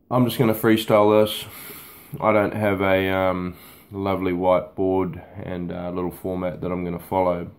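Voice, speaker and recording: A man's voice: low-pitched, darkish tone. A man, a boot camp fitness trainer, talking off the cuff to camera in a blunt, casual way and swearing freely. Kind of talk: unscripted talk to camera.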